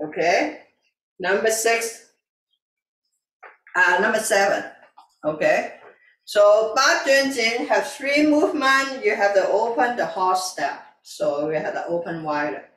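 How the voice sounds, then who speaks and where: Slow, calm woman leading tai chi. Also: mid-range voice. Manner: calm, repetitive breathing cues, simple non-native grammar. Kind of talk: guiding an exercise class. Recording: echoey room, voice from a distance.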